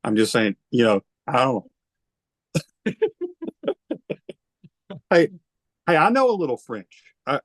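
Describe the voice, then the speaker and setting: A male host of a music interview show, chatting casually with a playful, joking manner. His voice sits at a middle pitch and sounds dry, with no room echo. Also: sing-song, normal speed, pauses often, a bit bright.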